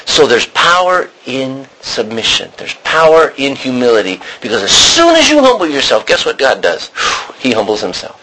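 A man teaching a Bible study class, animated and questioning his students. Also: medium pitch, normal speed, hardly any pauses, slight background noise, poor audio.

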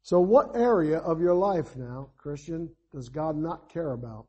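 A fervent male preacher with a husky, mellow voice that sits a little high for a man. He builds to emphatic appeals, then falls back to hushed asides, pressing his listeners with rhetorical questions. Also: animated, measured pace, lo-fi sound. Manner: fervent, rises to emphatic calls then drops to quiet asides; asks the congregation rhetorical questions. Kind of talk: evangelistic sermon.

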